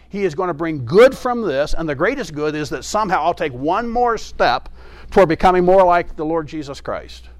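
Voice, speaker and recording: A man's voice: fairly high pitch, no room sound. A man preaching a sermon in an earnest way, repeating his key phrases for emphasis.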